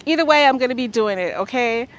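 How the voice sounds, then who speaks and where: Animated and quick, with a fairly high pitch, this woman vlogger walks viewers through an easy beginner yoga routine on the beach. She stays chatty and encouraging, frequently checking in with "okay?"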